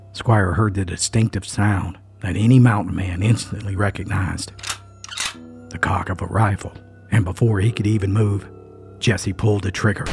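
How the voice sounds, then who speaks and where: A low-voiced male storyteller with vocal fry delivers a dark folk tale as dramatic scripted narration, suspenseful and folksy with emphatic asides. Faint music plays underneath.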